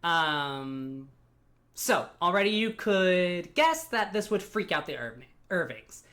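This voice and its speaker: A podcast host telling a strange story in casual chat, animated and given to fillers and giggles. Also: mid-range voice, takes it slowly.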